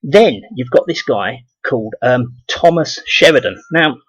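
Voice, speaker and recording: A man's voice: medium pitch, animated, measured pace, fairly bright tone, breathy edge, no echo, dull audio. A man with a southeast English accent delivering a rambling, profane ranting monologue for his video blog, full of repeated restarts. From southeast England. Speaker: video blogger.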